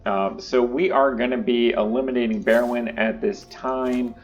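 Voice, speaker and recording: A man hosting his own channel, talking through card decks in a casual, relaxed way with lots of uh and um fillers. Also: medium pitch, moderate pace, muffled recording, faint music behind. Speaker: YouTube channel host. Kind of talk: casual deck-building commentary.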